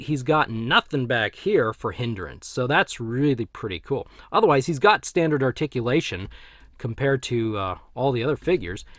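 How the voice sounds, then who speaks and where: A man chats his way through a toy review at an easy, middle pitch, correcting himself and trailing off as he goes. His voice comes through dry and close, with no room sound around it. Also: no room sound. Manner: rambling, self-correcting, chuckles to himself. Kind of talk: casual action figure review.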